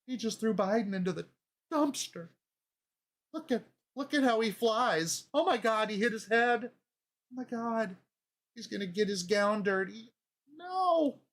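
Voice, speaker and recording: A man voicing a gullible, excitable middle-aged mother who gasps out shrill exclamations. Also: a little slow, full character voice. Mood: alarmed.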